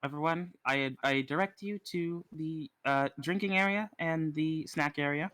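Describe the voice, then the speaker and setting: A man's voice: a little high, a little slow, fairly bright tone, dry recording. A man playing in a casual tabletop role-play session, rambling playfully and laughing often. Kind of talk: casual in-character game chat.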